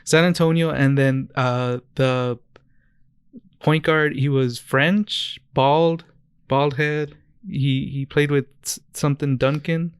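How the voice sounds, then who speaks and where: A young man co-hosting a casual podcast, telling stories in a smooth, clear voice. He rambles and corrects himself as he goes, and the dry sound keeps him close to the mic. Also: medium pitch, fairly even intonation, takes it slowly, dry recording. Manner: rambling, many restarts and self-corrections. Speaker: podcast co-host. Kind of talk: casual chat.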